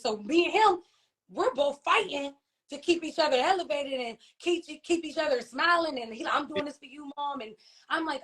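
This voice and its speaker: A woman with a high, somewhat bright voice and lively intonation gives emotional personal testimony as an interview guest, a grieving mother and author telling a heartfelt story of loss. She speaks haltingly, full of fillers and restarts, and keeps asking "you know what I mean?"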